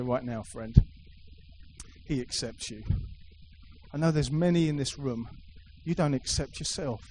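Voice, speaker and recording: A man's voice: fairly high pitch, a little mellow, slight background noise, poor audio. Emphatic preacher man. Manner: emphatic, repetitive, playful asides. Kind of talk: sermon. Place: church hall with a live congregation.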